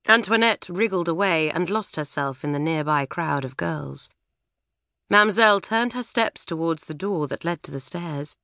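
A woman narrating a children's novel with lively, expressive storytelling in a studio. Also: lowish voice, moderate pace, dry recording. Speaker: audiobook narrator. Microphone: studio microphone.

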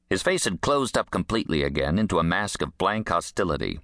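A man narrating an audiobook in a crisp, dry, expressive manner. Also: sits low, brisk, few pauses, no room sound.

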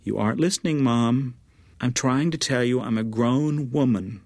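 A man's voice: medium pitch, moderate pace, darkish tone, no echo, natural voice. A man voicing an earnest, determined young woman in an audiobook, speaking firmly and patiently. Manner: firm and patient. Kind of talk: audiobook character voice.

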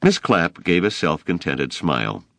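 A man narrating a novel as an audiobook reader, telling the story in an expressive, unhurried way. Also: low-pitched, gravelly, dry recording. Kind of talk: scripted narration.

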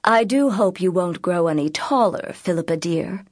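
A woman voicing a sharp, fussy chaperone who speaks in a prim, scolding way. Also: on the low side, lively intonation, normal speed, no echo, clean studio sound.

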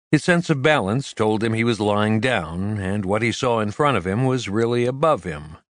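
Low-voiced man narrating an audiobook. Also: no echo, studio quality. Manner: measured, steady storytelling. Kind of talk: scripted narration. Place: recording studio. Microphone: close studio mic.

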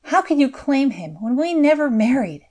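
A woman's voice: mid-range voice, sing-song, moderate pace. A woman voicing a betrayed, defiant young woman in an audiobook, speaking in a strained, pleading way. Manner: strained, pleading and spitting back.

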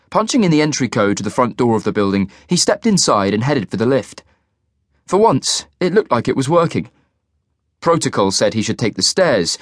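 A man narrating a crime thriller audiobook, reading expressively with a lot of pitch movement. Recorded on a close studio mic in a dry room. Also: no room sound. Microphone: studio microphone.

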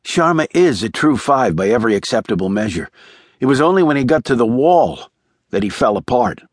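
A man's voice: mid-range voice, sing-song, no echo, studio quality. A man voicing a nervous, earnest young male analyst around thirty in an audiobook thriller. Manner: quick, earnest explaining. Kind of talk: audiobook character voice.

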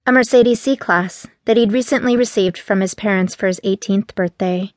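A woman reading a novel aloud as an audiobook narrator, steady and even. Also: mid-range voice, normal speed, dry recording, clean studio sound. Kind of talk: scripted narration.

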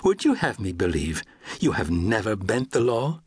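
A man voicing a genteel, playful Englishwoman with a British accent, soft-spoken and cordial. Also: on the low side, big pitch swings, normal speed, slightly rough, no echo.

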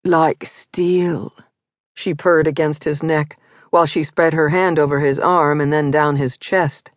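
A narrator reading a historical romance audiobook in a measured, even manner. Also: male voice, a little high, no echo, studio quality. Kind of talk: scripted narration.

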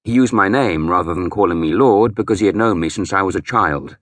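A man's voice: low voice, fairly quick, a bit bright, no echo. A man narrating a historical novel in the first person with grave, dramatic delivery. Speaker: audiobook narrator.

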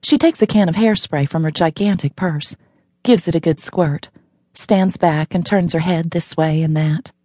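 A woman's voice: on the low side, normal speed, mellow, dry recording. A woman narrating a novel in the first person, wry and matter-of-fact, recorded in a studio. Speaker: audiobook narrator.

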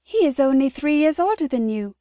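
A woman's voice: high-pitched, animated, fairly quick, mellow, no echo, studio quality, voice pushed up. A woman voicing a practical younger sister in an audiobook, persuasive and light. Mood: coaxing. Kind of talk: audiobook character voice.

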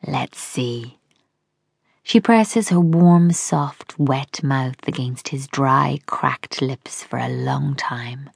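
Woman reading an audiobook, slow and soft, husky, dry close sound. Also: extremely low pitch, dry recording. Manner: soft, intimate, often whispered. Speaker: audiobook narrator. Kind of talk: scripted audiobook narration.

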